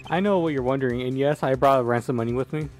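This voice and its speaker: A man's voice: mid-range voice, fast talker, a little mellow, faint music behind, close to an everyday voice. A man reading as a poised, formal prosecutor. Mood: composed.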